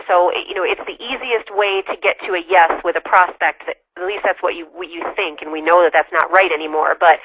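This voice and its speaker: Bright, enthusiastic woman in a sales webinar. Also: medium pitch, expressive, moderate pace, husky, no room sound, low-quality recording. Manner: enthusiastic, chatty. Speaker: sales guest expert.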